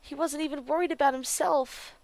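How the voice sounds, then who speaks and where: A woman streamer reading a visual novel aloud, expressive, with loud excited outbursts. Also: high voice, fairly quick, creaky, no room sound. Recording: game music playing behind.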